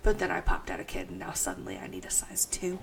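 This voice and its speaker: Young woman, low voice, stuffy nose, easy profane podcast banter. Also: sing-song, fast, gravelly, a bit bright, recorded from a distance, a little hiss or hum, low-quality recording. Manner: swears freely, laughs through reading a review. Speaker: podcast co-host. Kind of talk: casual chat.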